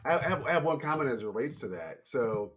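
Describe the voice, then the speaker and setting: A middle-aged man hosting a podcast, telling stories in a casual, animated way. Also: fast, husky. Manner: animated storyteller, jumps up in pitch for quotes. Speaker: podcast host. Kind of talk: casual conversation.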